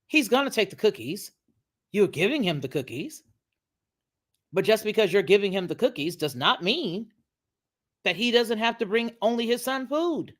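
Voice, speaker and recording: Animated, preacherly woman commentator. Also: mid-range voice, normal speed, long pauses. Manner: preacherly and emphatic, with scripture quotes. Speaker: online commentator. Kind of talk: religious video commentary.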